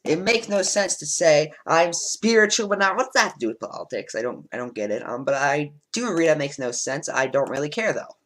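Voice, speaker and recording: A man's voice: on the high side, big pitch swings, a little fast, few pauses, a bit bright, low-quality recording. A man and let's play host, reading quiz statements aloud and answering them bluntly, with frequent ums, on a home desk microphone.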